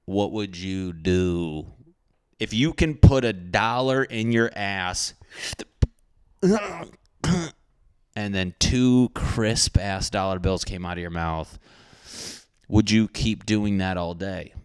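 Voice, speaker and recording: A man's voice: sits low, takes it slowly, smooth, no room sound, clean studio sound. A young man hosting a casual solo podcast, rambling and joking crudely with lots of swearing. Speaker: podcast host.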